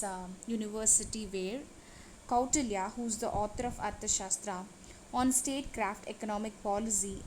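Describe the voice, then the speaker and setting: A woman's voice: mid-range voice, slight background noise, low-quality recording. Woman teaching a lesson over slides. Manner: steady, list-reading delivery.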